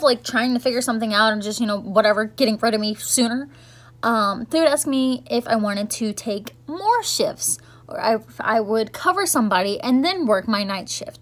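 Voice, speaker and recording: A woman's voice: fairly high pitch, a bit bright. A young woman, chatting casually and rambling through a recap of her year, full of "like" and "um". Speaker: vlogger.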